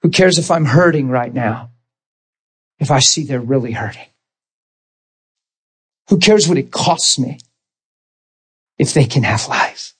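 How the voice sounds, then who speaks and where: Man, preacher, sermon, personal testimony, animated storytelling, acts out dialogue, rhetorical questions, mid-range voice. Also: mid-range voice, unhurried, pauses often, breathy edge. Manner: animated storytelling, acting out dialogue and laughing at himself.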